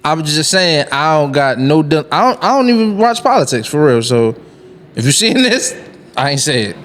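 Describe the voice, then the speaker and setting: A man with a lively, swooping voice co-hosts a casual podcast. He jokes and rambles in an animated way. Faint background noise runs under the recording. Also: on the high side, normal speed. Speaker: podcast co-host.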